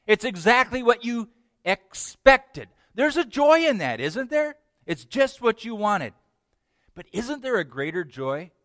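A man preaching a sermon in an animated way, asking the congregation questions. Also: high voice, no echo, clean studio sound. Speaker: pastor.

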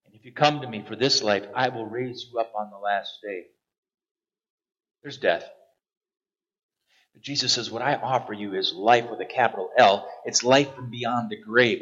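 A man preaching a sermon, animated and emphatic, with repeated punchy phrases. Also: mid-range voice, moderate pace, husky, no room sound, muffled recording. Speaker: pastor.

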